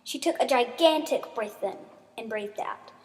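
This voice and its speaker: A woman slowly reading her written story aloud, acting out the sound effects. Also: a little high. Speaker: story reader. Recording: reverberant room.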